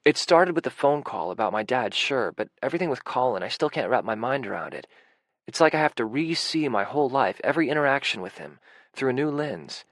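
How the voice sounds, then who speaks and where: A man's voice: medium pitch, animated, a little fast, fairly bright tone, no room sound. A man reading a first-person audiobook in an intimate, emotional way, with anxious, racing passages. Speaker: audiobook narrator.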